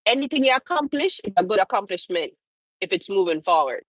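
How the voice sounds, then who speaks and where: A woman's voice: medium pitch, very animated, fast talker, a bit bright, dry recording, poor audio. A woman hosting a casual livestream, talking loosely with her chat, swearing freely and laughing often. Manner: loose, profane, laughing, talks back to chat. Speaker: trucker livestream host.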